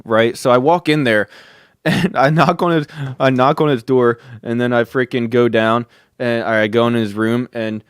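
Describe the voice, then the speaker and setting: A man's voice: medium pitch, steady tone, normal speed, smooth, no echo, clean studio sound. A man hosting a podcast who tells a story in a casual way, with many fillers and free swearing. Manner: chuckling, swears freely, filler-heavy. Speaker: podcast host.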